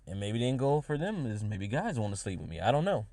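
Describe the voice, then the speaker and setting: A man's voice: medium pitch, big pitch swings, a little mellow, no room sound. A podcast host, a man, giving his own views in casual solo talk, often restarting his phrases as he thinks them through. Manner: halting, restarts phrases often, musing aloud.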